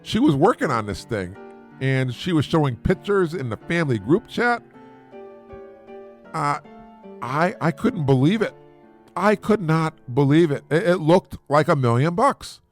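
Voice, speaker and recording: A man hosting a podcast, telling listeners a family story in a halting way with frequent restarts and repeated words. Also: on the high side, very animated, faint music behind. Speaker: podcast host, single father.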